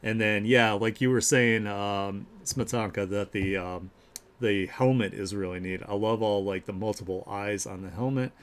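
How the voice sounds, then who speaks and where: Man, lowish voice, casual streamer chat, rambling with fillers, enthusiastic about art. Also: fairly even intonation, normal speed. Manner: rambling and upbeat, many fillers and restarts; gushes over the artwork he shows. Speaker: streamer hosting an art share. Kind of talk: casual live-stream commentary.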